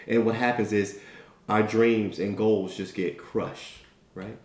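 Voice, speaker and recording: A man's voice: fairly low pitch, fairly even intonation, slow pace. A man giving an emphatic motivational talk. He tells a story and keeps asking his listeners "right?". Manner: emphatic, tag questions, storytelling. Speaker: motivational speaker. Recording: echoey room.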